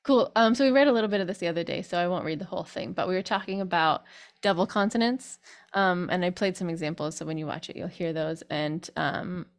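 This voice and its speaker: A woman vocal coach giving a chatty online group singing lesson, breaking into sung demonstrations. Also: on the low side.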